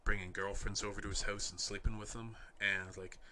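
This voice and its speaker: Wry young man telling stories, bright voice. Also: on the low side, fast, a little hiss or hum. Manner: wry, rambling, deadpan anecdotes. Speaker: podcast host. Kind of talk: casual storytelling.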